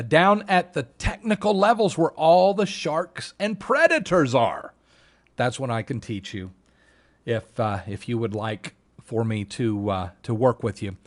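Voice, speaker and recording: With a mid-range voice, this man leads an online trading lesson, pressing his points like a salesman. He mimics other traders as he goes, speaking with real emphasis.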